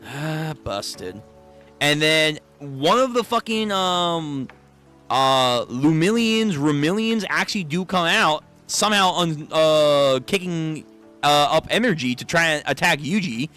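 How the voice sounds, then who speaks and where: Man, casual reaction commentary, animated, swears a lot, bright and forceful tone, somewhat high voice, faint music behind. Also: measured pace. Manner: animated, swears freely, exclaims in disbelief. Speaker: manga read-through reactor.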